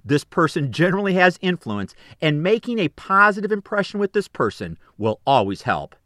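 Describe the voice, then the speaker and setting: A man giving scripted, upbeat coaching tips on phone manners in an instructive, measured delivery. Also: high-pitched, big pitch swings, pushed and bright, no room sound, studio quality.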